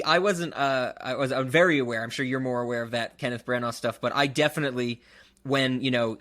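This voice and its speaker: A man's voice: medium pitch, fairly bright tone. A man co-hosting a film podcast, rambling casually with lots of fillers and frequent laughs. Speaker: podcast co-host. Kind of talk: casual chat.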